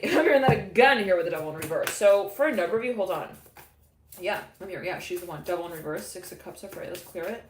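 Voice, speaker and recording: A woman talks through a live tarot reading in a loose, rambling way. She restarts her phrases and often breaks into laughter. Her voice carries a roomy echo, with faint background noise. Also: fairly low pitch. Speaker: tarot reader.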